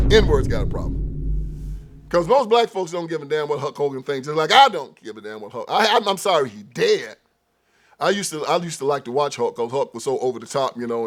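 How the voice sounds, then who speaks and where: Delivering commentary on his own show, this host alternates between shouting and muttering under his breath, with frequent laughter. Background noise is audible.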